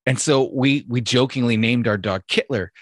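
A man's voice: medium pitch, moderate pace, no room sound, studio quality. A man hosting a podcast, rambling and swearing casually. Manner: rambling, profane, restarts a lot. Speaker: podcast host. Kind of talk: casual chat.

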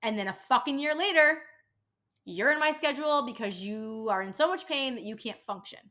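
Fed-up woman venting about her job, kinda high and bright, lots of swearing. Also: expressive, moderate pace. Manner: exasperated, profane ranting. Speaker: podcast host, dental office worker. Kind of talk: casual venting monologue.

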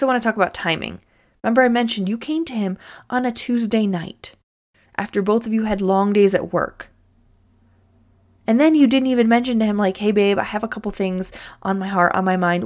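A woman's voice: mid-range voice, vocal fry, a little mellow. Woman, advice host; frank, direct coaching delivery to camera. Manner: frank, coaching, addresses listener as "you". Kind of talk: direct-to-viewer advice talk.

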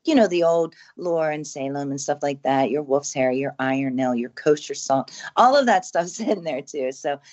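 A woman's voice: sits low, moderate pace, hardly any pauses, darkish tone, highs cut off. A woman chatting casually as a podcast guest, earnest and rambling, with many fillers and restarts. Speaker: haunted house owner and author, guest.

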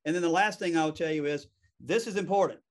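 A man with a Southern US accent talks quickly and loosely, poking fun at himself as he goes. His voice sits a bit high for a man. He is a real estate attorney speaking as a guest over a video call. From American South. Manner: fast-talking, self-deprecating. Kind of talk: casual interview chat.

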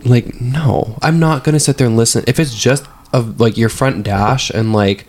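A man's voice: mid-range voice, moderate pace, darkish tone. A man co-hosting a casual podcast, talking loosely with a lot of "like" and fillers. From Britain. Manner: rambling, filler-heavy, says "like" a lot. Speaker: podcast co-host. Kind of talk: casual chat.

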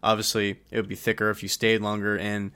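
Podcast co-host, male, lower voice, swears freely, dry close sound. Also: fairly quick, clean tone, no room sound. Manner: swearing, laughing, animated. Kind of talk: casual chat.

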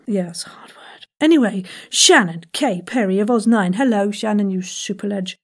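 A woman who hosts a podcast, leading a playful vocal warm-up lesson with crisp enunciation and frequent whispered asides. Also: medium pitch, brisk. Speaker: voice acting coach and podcast host.

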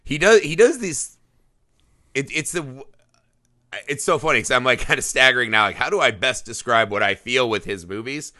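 A man's voice: mid-range voice, animated, moderate pace, sharp tone, no room sound, clean studio sound. A man hosting a casual movie podcast, joking around loosely and swearing often. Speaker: podcast host.

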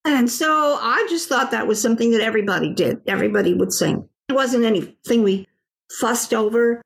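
A woman's voice: on the high side, brisk, creaky. Plainspoken American woman guest. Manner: plainspoken storyteller, acts out quoted voices. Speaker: voice teacher, guest. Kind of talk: casual interview.

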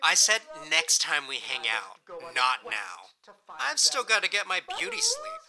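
A woman's voice: fairly low pitch, big pitch swings, a little slow, gravelly, a crowd in the background, full character voice, poor audio. A woman playing a sarcastic young man. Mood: teasing. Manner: sarcastic, crude, mocking. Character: sardonic young man, blunt teasing friend. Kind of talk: audio drama acting.

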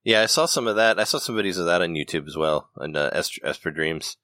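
Deep-voiced man, bright and dry. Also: quick pace, no room sound. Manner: laughs often, restarts sentences. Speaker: podcast host. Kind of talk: casual gaming chat.

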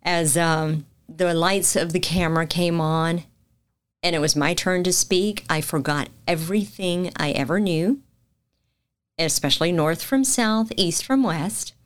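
A middle-aged Southern woman talks through her career as an interview guest. Her voice sits a bit low, and she tells the story with energy, acting out each quoted line. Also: measured pace, clear, resonant tone. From Macon, Georgia. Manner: animated storyteller, acts out quoted lines. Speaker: guest, news anchor.

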